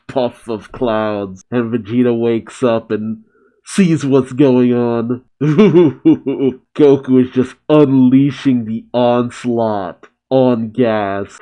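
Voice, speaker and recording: A man's voice: mid-range voice, mellow. A man casually recapping a comic chapter and reacting, laughing often.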